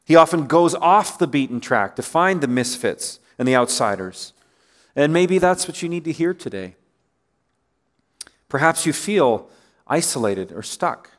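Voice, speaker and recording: A man's voice: a little high, big pitch swings, unhurried. A man preaching a sermon in a conversational way, often asking listeners rhetorical questions and letting his voice drop at the ends of phrases. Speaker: pastor.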